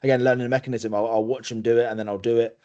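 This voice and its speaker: A man's voice: mid-range voice, flat delivery, rapid-fire, a little mellow, muffled recording. A man from England, a guest on a sports podcast, telling stories casually with many restarts and acted-out quotes. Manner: storytelling with many restarts, acting out quoted voices. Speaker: guest, rugby player.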